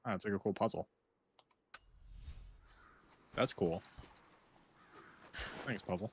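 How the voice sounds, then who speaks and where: A man's voice: lowish voice, slow, darkish tone, breathy edge. A young American man streaming a game, rambling and joking casually as he plays. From United States. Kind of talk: casual gameplay commentary.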